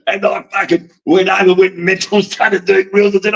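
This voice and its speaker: A man's voice: high-pitched, little pitch movement, moderate pace, vocal fry, highs cut off. A slightly drunk Australian man, a wrestling promoter, telling rambling, profane, boastful stories in a casual podcast chat. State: a little drunk.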